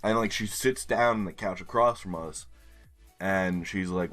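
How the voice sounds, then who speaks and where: Low-voiced man telling a story while gaming. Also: normal speed, soft background music. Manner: animated storytelling, casual swearing. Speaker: game streamer. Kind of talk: casual gameplay commentary and storytelling.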